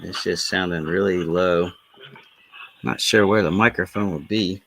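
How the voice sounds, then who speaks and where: A man, a guest on a live video-call chat who tells stories in an animated, laughing way. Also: sits low, a little slow, dry recording. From Florida Panhandle, US. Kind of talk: casual live-stream chat. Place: remote, joining a video call.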